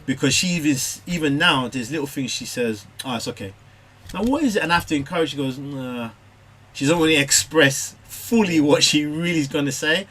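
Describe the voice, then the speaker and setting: A man from England, a parent, telling a Bible study group about his children in a lively, animated way, acting out their voices. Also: a little high, quick pace, hardly any pauses. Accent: British English. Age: adult parent. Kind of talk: casual group discussion.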